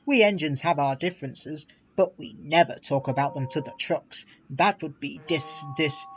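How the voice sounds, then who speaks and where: A man's voice: fairly high pitch, moderate pace, fairly bright tone, highs cut off, a little hiss or hum, lightly acted. A man voicing a pompous, indignant big engine in a storybook reading.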